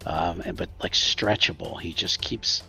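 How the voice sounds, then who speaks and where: Man, game master, deep voice, gravelly, halting narration, faint music behind. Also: bright, forceful tone. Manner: halting, filler-heavy narration.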